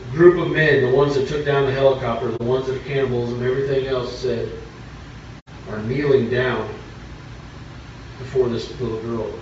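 A man's voice: mid-range voice, steady tone, moderate pace, a little mellow, a little hiss or hum. A man preaching a sermon, telling a story plainly and building to fervent preaching. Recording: echoey church from far off, dull.

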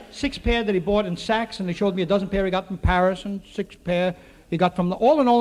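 A man telling a comic stage monologue to a live audience, with quick wisecracks and asides to the crowd. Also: sits high, darkish tone. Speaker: comedian and radio show host. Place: theater studio with live audience. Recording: faint noise on an old radio recording.

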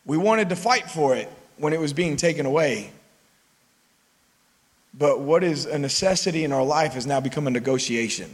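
Animated high-voiced male preacher. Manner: animated, conversational preaching with acted-out quotes. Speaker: pastor. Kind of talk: sermon. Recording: long reverb of a large church hall.

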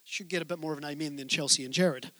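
A middle-aged pastor delivers a sermon in a storytelling way, cracking jokes and turning to the congregation. His voice sits high and sounds bright and forceful. The sound is dry and close. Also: fairly even intonation, fast, dry recording. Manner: humorous storytelling, asides to the congregation. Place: church hall with congregation.

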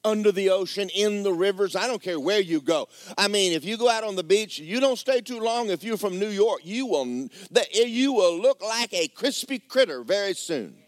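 A preacher delivers a sermon full of stories in a folksy, talkative way. His pitch leaps and falls with great animation. The recording is dry and close, with no room echo. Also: normal speed, hardly any pauses. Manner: animated, folksy, conversational, drops to quiet asides. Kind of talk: sermon with storytelling.

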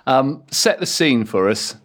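A host with a steady mid-range voice steers the chat. He sets up a story and invites the guest to tell it. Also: medium pitch, unhurried. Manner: prompting, leads the guest into stories. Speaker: podcast host. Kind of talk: casual podcast chat.

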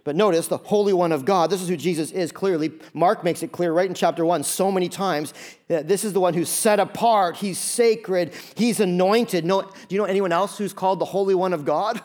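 An animated pastor preaching to his congregation, high-pitched for a man. He keeps it loose and conversational, tossing in jokes between points. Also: fairly quick. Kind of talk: sermon. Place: church before a congregation.

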